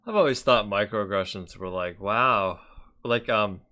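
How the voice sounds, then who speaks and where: A man's voice: lowish voice, measured pace, bright, forceful tone. A man casually reacting to a clip, sarcastic and chatty, often laughing and swearing. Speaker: commentary video host.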